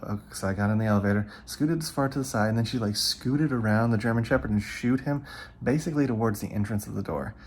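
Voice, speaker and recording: A man's voice: lowish voice, fast talker, a little mellow, slight background noise. A man vlogging, casually telling a story to the camera and acting out what people said. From California. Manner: chatty, retells events with quoted asides. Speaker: travel vlogger.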